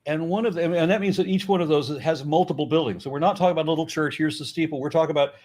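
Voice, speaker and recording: Middle-aged American man, blunt, swears freely, animated storytelling, casual chat. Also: fairly high pitch, rapid-fire. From United States. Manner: blunt, profane and animated, with frequent restarts. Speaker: YouTuber and guest. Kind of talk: casual conversation.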